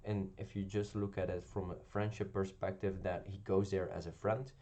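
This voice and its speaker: A man with a deep, dark voice talks through a television episode in a casual review. His delivery stays fairly flat, and he stops and restarts often, filling the gaps with ums. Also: normal speed. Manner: hesitant, many ums and restarts. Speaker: video reviewer.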